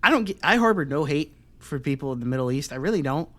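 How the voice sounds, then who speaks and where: Podcast co-host, male, slightly high voice, heated profane ranting. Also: animated, fast, fairly bright tone. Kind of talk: casual podcast chat.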